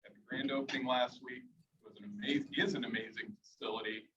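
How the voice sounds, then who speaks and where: A man's voice: mid-range voice, steady tone, brisk, bright, forceful tone. A man sharing good news at a club meeting, upbeat as he congratulates a committee. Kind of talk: casual meeting remarks. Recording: muffled room recording with clear noise.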